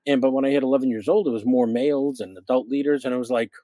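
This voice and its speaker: A man's voice: medium pitch, rapid-fire, dry recording. A middle-aged man from the Midwest, a longtime radio host, telling stories in casual chat and acting out the quotes. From American Midwest. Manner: animated storyteller acting out quotes. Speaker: radio show host, guest.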